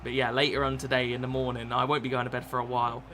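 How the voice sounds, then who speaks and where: Bright-voiced young British man streaming. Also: medium pitch, completely flat delivery, racing. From Britain. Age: 20s. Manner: rambling, swears a lot, laid-back chatter. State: up late at night. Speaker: gaming streamer. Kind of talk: casual live-stream chat with game commentary.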